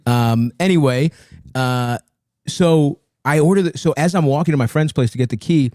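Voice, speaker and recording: A man in his thirties tells a comic mishap on a podcast, swearing freely and laughing at himself. His voice sits a little high, and he pitches quotes even higher. The sound is dry and close. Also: normal speed, dry recording. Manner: profane, self-mocking, acts out quotes in high voices. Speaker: comedian telling a story on a podcast. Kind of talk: casual storytelling chat.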